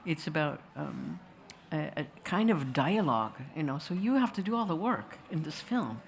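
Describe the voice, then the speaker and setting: A woman's voice: sits low, sing-song, normal speed, a little hiss or hum. A woman telling a wry, digressive story to a festival audience and slipping into voices now and then. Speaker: filmmaker answering questions.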